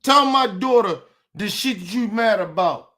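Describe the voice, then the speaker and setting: A man's voice: high voice, expressive, unhurried, pushed and bright. Angry man ranting in street slang. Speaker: podcast host. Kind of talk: heated rant to camera.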